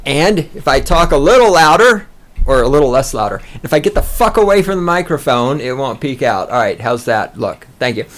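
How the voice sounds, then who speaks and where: A man hosting a podcast from a small studio, ranting loudly and boastfully with heavy swearing. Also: mid-range voice, sing-song, fairly quick. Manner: loud, fired-up, profane and boastful. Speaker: podcast host. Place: small recording studio with a control room.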